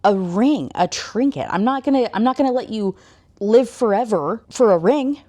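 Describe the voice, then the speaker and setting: A woman voicing a mysterious dark male god making a bargain, slow and musing while retelling a book. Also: fairly high pitch, lively intonation, voice pushed up. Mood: dismissive.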